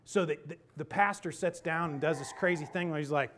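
A man preaching a sermon, telling a personal story in an animated, emphatic way and then leading a hushed, earnest prayer. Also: fairly high pitch, a little fast, a little hiss or hum.

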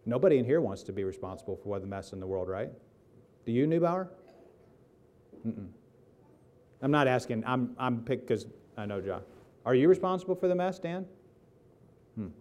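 A man's voice: mid-range voice, animated, normal speed, pauses often, darkish tone, slight background noise. A man preaching a casual sermon, joking and putting questions to the congregation. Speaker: pastor. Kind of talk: conversational sermon.

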